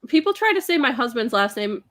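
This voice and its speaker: A woman hosting a casual book chat with friends, lively and quick to laugh and exclaim. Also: fairly high pitch. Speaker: host.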